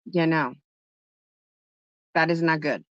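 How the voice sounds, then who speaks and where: A woman's voice: sits low, steady tone, slow, fairly bright tone, no echo. Woman live-stream host, casual and chatty, tells stories and answers her viewers; dry, muffled lo-fi recording. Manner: chatty storytelling, answering chat. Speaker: livestream host. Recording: dull lo-fi, dry sound.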